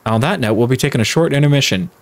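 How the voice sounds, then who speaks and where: A man commentating a let's play video, animated and often laughing and exclaiming. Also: mid-range voice, very fast. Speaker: gaming video host. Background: game music.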